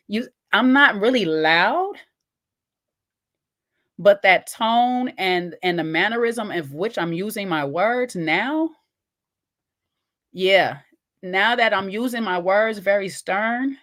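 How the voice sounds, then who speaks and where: A woman hosting a casual reaction video, chatty and folksy, with loud, laughing asides. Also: on the low side. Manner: chatty and folksy, calls viewers "child" and "baby".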